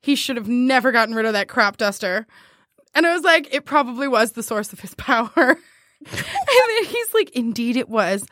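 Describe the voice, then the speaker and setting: A woman's voice: on the high side, normal speed, dry recording, clean studio sound. A woman hosting a casual chat, reading out dating-app messages with lots of giggling. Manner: giggly, animated storytelling. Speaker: podcast host.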